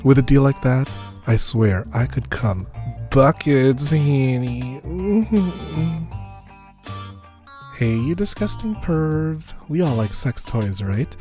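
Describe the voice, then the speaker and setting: A man's voice: mid-range voice, expressive, slow pace, warm tone, faint music behind. Campy, raunchy young male podcast host.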